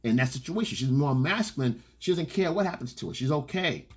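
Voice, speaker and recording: A man's voice: a little high, lively intonation, fairly quick, husky. A man giving blunt, profane dating advice in an unscripted coaching monologue, repeating his points and acting out quoted lines.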